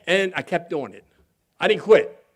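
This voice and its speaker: A man with a somewhat higher-than-usual voice shares his own recovery story before a convention crowd. He talks in a folksy, candid way, earnest at heart with flashes of humor. He briefly mimics other people when he quotes them. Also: very animated, moderate pace. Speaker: guest speaker at a recovery convention. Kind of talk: personal recovery story talk.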